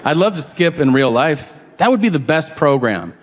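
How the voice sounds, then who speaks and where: A man doing profane, animated stand-up comedy, acting out quotes as he tells his stories. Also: a little high, moderate pace, noisy background.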